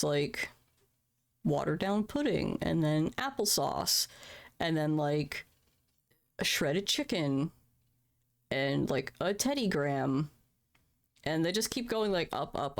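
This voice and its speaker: Candid, profane woman streamer, low voice. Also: animated, a little slow, pauses often. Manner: candid, profane, laughs at her own troubles. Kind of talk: casual live-stream chat.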